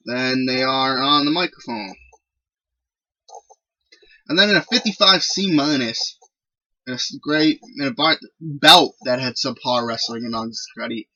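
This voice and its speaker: A man's voice: medium pitch, pushed and bright, no echo, dull audio. A man giving casual, rambling commentary while playing a wrestling management game. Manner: chatty, rambling recaps. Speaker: video game let's player.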